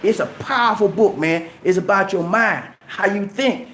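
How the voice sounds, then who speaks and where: A man's voice: high voice, moderate pace, a bit bright, a little hiss or hum. A man vlogging in a casual, preachy way who repeats "man" and "okay" and acts out little dialogues. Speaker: travel vlogger. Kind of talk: casual motivational talk to camera. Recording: echoey room.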